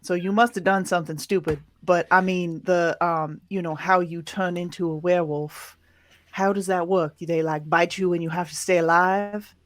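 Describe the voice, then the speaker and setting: A woman's voice: lowish voice, steady tone, normal speed, natural voice. Woman playing a nervous rural young woman. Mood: wary. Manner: hesitant, filler-heavy questioning.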